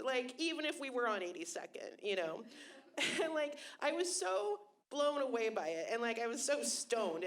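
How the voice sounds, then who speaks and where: Young woman doing standup, high voice bouncing all over, dry self-mocking jokes into a handheld mic. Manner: deadpan self-mocking with sudden loud bursts. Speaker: stand-up comedian. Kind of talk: stand-up comedy set. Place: comedy club stage with live audience.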